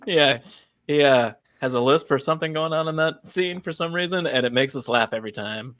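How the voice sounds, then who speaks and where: A man's voice: on the high side, a little fast, fairly bright tone. A man co-hosting a podcast, chatting casually about comics and films with joking sarcastic asides and frequent laughs. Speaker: podcast co-host. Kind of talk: casual comic book chat.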